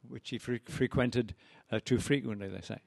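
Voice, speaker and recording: A man's voice: mid-range voice, fairly even intonation, normal speed, vocal fry, a little mellow, dry recording. A poet giving a reading of his poems with anecdotes, chatty and wry, full of ums and uhs.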